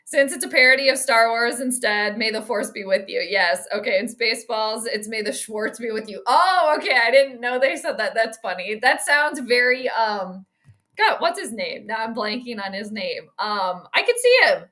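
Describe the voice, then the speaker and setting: This livestream host is a woman whose voice sits on the high side, bright and pushed, with lively intonation at a moderate pace. She chatters casually through reactions to the game, viewer greetings, side tangents and astrology predictions.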